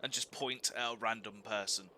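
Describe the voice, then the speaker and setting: A man's voice: on the low side, steady tone, normal speed, pushed and bright. A man playing a tabletop game, describing what his character does in a slightly apologetic way. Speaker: player.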